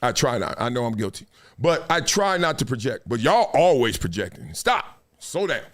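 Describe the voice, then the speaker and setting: A man hosting a live sports talk stream, lecturing his viewers in a casual, slangy, animated way with laughs between points. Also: medium pitch, moderate pace. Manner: animated, preachy, drops into quoted voices. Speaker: sports talk show host. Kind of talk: live-streamed commentary monologue.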